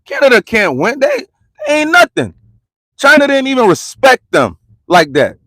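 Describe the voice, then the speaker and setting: High-voiced man ranting, slangy and repetitive. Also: huge pitch swings, moderate pace, fairly bright tone, no echo. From United States. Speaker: vlogger and commentator. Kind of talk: heated street-rant vlog. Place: parked car.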